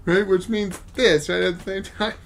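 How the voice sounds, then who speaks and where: A man in casual gaming chat, telling stories in an animated way and laughing often, with a faint noise behind him. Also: sits high, moderate pace, vocal fry. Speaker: podcast host.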